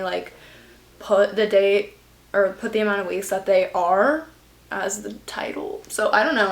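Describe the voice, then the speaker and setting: Chatty young woman, echoey room. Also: mid-range voice. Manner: chatty, rambling, lots of fillers. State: stuffy, runny nose. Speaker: vlogger. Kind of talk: casual pregnancy update vlog. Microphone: camera at close range under a ring light.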